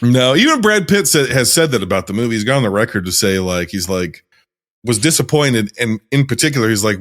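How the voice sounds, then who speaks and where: A man co-hosting a casual podcast, talking in animated bursts with swearing and loud laughter. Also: mid-range voice, fairly quick. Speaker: podcast co-host. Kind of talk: casual chat.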